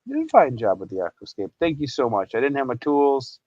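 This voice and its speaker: A man's voice: medium pitch, wildly swooping pitch, fast, lo-fi sound, slight background noise. A man hosting a casual livestream, chatty and rambling, laughing often and reading out chat messages. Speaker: livestream host.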